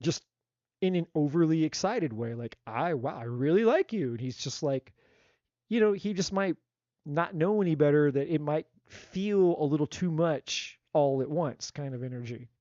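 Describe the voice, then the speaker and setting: Guy doing a live tarot reading, blunt and sweary, kinda high voice, dry dull lo-fi audio. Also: moderate pace, dry recording. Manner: blunt, animated, swears freely, acts out quotes. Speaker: tarot reader.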